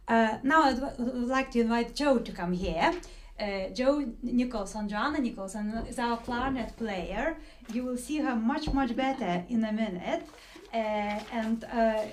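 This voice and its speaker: Leading an online singing workshop over a video call, a woman with a rather high voice explains patiently, with frequent fillers and restarts.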